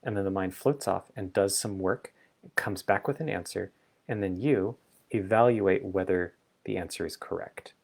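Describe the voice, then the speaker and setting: A man hosts a reflective solo talk and thinks aloud with playful asides. His voice sits low and carries a steady vocal fry, and he lets his thoughts unfold at an exploratory pace. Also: normal speed. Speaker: vlog host.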